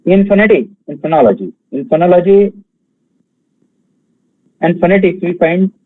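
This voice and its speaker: A man from India giving an online exam-prep lecture, talking slowly with many fillers and pausing to count out syllables and stresses. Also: high voice, expressive, dry recording, narrow, tinny audio. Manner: slow, halting delivery with many fillers, counting out feet and stresses.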